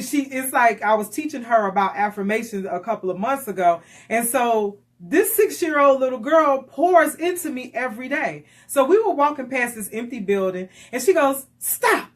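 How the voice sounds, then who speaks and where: A woman's voice: sits high, moderate pace, hardly any pauses. A middle-aged woman co-hosting a faith-based radio talk show, telling stories and acting out the dialogue. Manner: animated storyteller who acts out quoted dialogue.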